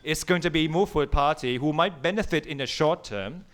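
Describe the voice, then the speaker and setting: A man from Thailand speaking as a panelist in a measured, analytical way. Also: a little high. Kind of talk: panel discussion remarks.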